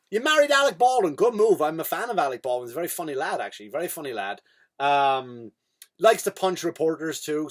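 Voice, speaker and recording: Blunt, swearing Irish comedian. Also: male voice, fairly high pitch. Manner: profane, rambling and blunt. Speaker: comedian and podcast host. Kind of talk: comedic monologue.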